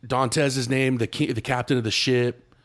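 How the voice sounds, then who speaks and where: A man's voice: mid-range voice, flat delivery, normal speed. A man on a podcast retelling a movie plot in loose, slangy, profane chat, restarting often. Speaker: podcast co-host.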